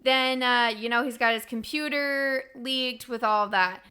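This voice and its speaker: A woman co-hosts a casual political podcast, voicing her opinions in an animated, chatty way. Her voice is bright and forceful and sits a little high. She talks freely, leaning hard on her points. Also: a little slow, clear, resonant tone. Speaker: podcast co-host.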